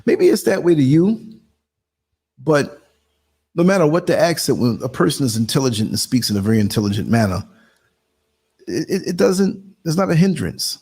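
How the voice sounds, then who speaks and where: Gravelly New York man hosting a livestream. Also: a little high, sing-song, normal speed, pauses often, darkish tone. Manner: chatty, laughs often, talks while working the computer. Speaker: live show host. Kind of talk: casual livestream talk.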